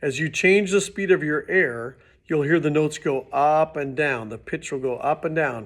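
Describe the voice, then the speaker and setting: A man teaching beginning trumpet, his voice sitting a little higher than most men's. He explains patiently and casually, now and then restarting a phrase as he demonstrates. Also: measured pace. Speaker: music teacher. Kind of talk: instructional demonstration.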